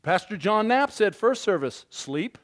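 A man preaching a sermon, animated and interactive, quizzing the congregation and acting out little scenes. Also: high-pitched, a little slow. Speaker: pastor.

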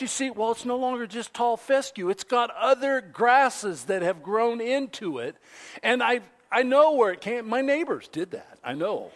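A pastor from the Pacific Northwest with a high voice gives a sermon as a folksy, rambling story. He speaks casually to his listeners, a little slowly and with animation, filling gaps with many fillers and restarts.

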